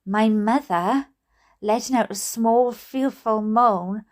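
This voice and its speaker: A Welsh woman reading a book aloud in an expressive, playful way. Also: a little high, takes it slowly. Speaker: storyteller.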